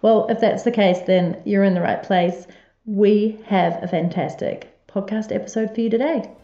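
A woman's voice: medium pitch, moderate pace, mellow, echoey room, dull audio. Upbeat New woman hosting podcast. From New Zealand. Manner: upbeat and emphatic, stretches key words. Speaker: podcast host. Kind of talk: scripted podcast intro.

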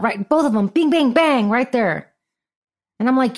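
A woman hosting a podcast, telling a story in a blunt, profane, animated way. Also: high-pitched, moderate pace. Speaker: podcast host. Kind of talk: casual storytelling monologue.

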